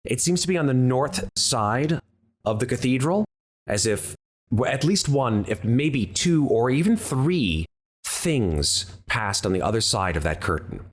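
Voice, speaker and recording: A male dungeon master narrating a tabletop game. His pitch moves lively up and down as he describes each scene and calls for checks. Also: unhurried.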